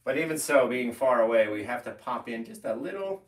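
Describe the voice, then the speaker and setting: Man, painting teacher, animated pitch, laid-back and joking, echoey home room. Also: fairly quick. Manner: easygoing, playful, often laughing. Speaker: painting instructor. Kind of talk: live painting tutorial. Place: home studio with window.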